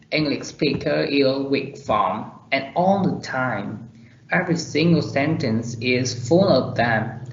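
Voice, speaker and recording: A man giving a class presentation on pronunciation, reading his examples out slowly and deliberately. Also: a little high, a little hiss or hum. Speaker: student presenter. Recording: roomy, dull lo-fi recording.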